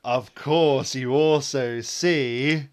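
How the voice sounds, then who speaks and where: Unhurried male game master, mid-pitched voice, loose storyteller. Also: steady tone, a little mellow, clear, resonant tone. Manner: storytelling with fillers and self-corrections. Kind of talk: narrating a tabletop game.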